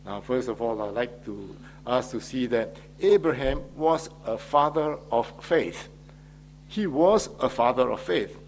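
A man preaching a Father's Day sermon as pastor, in a measured delivery with frequent hesitations. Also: medium pitch, lively intonation, slight background noise.

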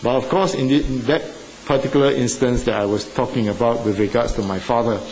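A man preaching a sermon with an earnest, halting delivery, full of fillers, rising with emphasis at key points. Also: medium pitch, steady tone, a little mellow, a little hiss or hum, poor audio. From Singapore or Malaysia.

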